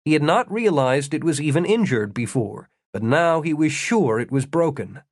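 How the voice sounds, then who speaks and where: A man narrating an audiobook in a steady, wry storytelling manner, slowing down for the descriptive passages. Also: on the high side, no room sound, clean studio sound. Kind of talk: scripted narration.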